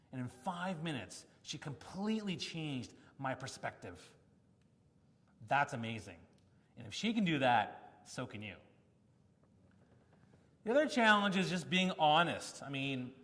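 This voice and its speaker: A man giving a conference talk, telling stories in an animated way and acting out quotes from the people in them. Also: fairly high pitch. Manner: animated storytelling with acted-out quotes. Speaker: keynote speaker. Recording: long hall reverb.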